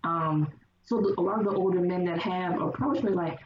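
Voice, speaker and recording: A woman's voice: lowish voice, moderate pace. Woman storyteller, distant in a roomy space. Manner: animated storyteller acting out quoted voices. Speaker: podcast guest. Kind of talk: casual chat. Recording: roomy, distant, dull sound with faint hiss.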